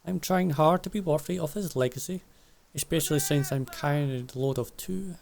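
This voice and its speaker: A man reading game dialogue aloud as a proud male dwarf smith who is stern about family honour, in an earnest, measured way. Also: a little high, vocal fry, darkish tone.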